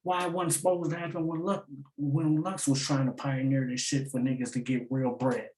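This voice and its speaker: A man talks casually through rap lyrics line by line, slangy and loose, keeping his points going with repeated lines and a running "get it?". His voice is mellow and low-key. It sounds like a roomy space with plenty of echo. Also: flat delivery, normal speed. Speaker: battle rap breakdown host.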